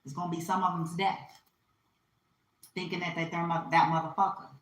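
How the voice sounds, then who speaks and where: A woman's voice: lowish voice, level tone, a little fast, slight background noise. A woman giving a spiritual reading in a casual, profane and emphatic rant full of repetition. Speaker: spiritual reader. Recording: roomy echo.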